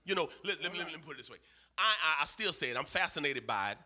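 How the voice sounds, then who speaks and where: A pastor preaches to his church in a high, very bright voice. His pitch leaps and falls as he leans into rhythmic, repeated phrases. He keeps up a steady call and response with the room. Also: fast. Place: church sanctuary.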